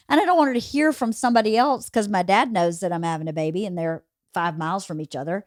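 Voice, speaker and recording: A woman's voice: mid-range voice, quick pace, few pauses, no room sound. A woman from Georgia hosts a podcast and tells her own family stories candidly, swearing now and then. Her voice sits in a middle register. The recording is dry and close, with no room sound. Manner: candid storytelling, swears casually. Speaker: podcast host. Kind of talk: casual conversation.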